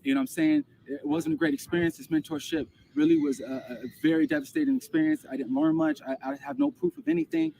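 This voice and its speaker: A man's voice: on the high side, huge pitch swings, quick pace, vocal fry, few pauses. A man telling a personal story in casual vlog style, rambling and emotional, often repeating words and restarting. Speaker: vlogger recounting a personal experience. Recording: distant mic with loud background noise.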